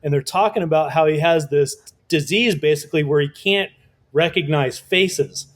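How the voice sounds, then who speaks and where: A man telling a lively story as a guest in an interview, casual and swearing often, acting out other people's voices. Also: a little high, normal speed. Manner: animated, swearing, acts out quoted voices. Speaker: guest artist.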